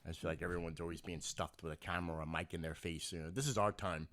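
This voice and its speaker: A man's voice: low voice, rapid-fire. A man with a New York accent co-hosting a podcast, chatting casually and telling stories with lots of laughter. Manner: animated storytelling, laughs often, slips into put-on accents. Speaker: podcast co-host. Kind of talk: casual chat. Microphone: podcast mic.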